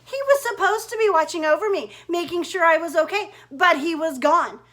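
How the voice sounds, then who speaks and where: A woman's voice: very high voice, fairly quick, fairly bright tone. A woman telling a story in first person as Red, a chatty young woman with a bubbly manner full of "like". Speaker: narrator in character.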